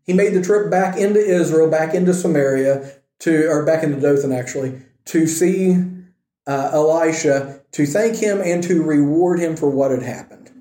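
Speaking at an ordinary pace, this Bible study teacher has a mellow, high-pitched male voice. He spins his story casually and with plenty of animation, cracking jokes on the side, while an echo fills the room.

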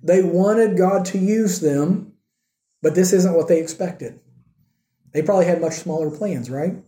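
A man preaching a sermon, speaking earnestly and putting questions to the congregation, slowing down to stress his points. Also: high-pitched, warm tone, echoey room.

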